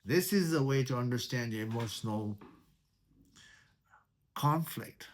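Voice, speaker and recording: Leading a meditation as part of a spiritual talk, a man speaks at a medium pitch. He is slow and deliberate, leans on repeated key words, and uses rhetorical questions.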